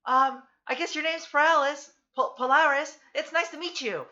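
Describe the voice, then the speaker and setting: A player voicing a cheerful, overly friendly adventurer character in a much higher voice. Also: steady tone, moderate pace, pushed and bright, lo-fi sound. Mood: chipper.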